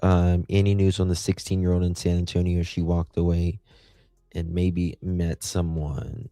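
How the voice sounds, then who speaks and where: A man's voice: deep voice, level tone, measured pace, dark tone, no room sound, clean studio sound. A man hosting a casual livestream. He rambles in a chatty way and talks back to viewers' comments. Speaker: livestream host.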